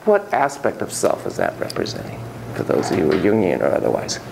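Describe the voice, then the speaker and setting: A man's voice: sits low, huge pitch swings, quick pace, gravelly, noisy background. A man giving a classroom lecture on child therapy, acting out quotes in shifting voices.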